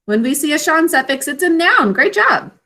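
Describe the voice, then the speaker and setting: A woman teacher leading a spelling lesson for children, slowly and carefully sounding out syllables and giving encouraging praise. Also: high-pitched, sing-song, bright, forceful tone. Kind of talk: online literacy lesson for children.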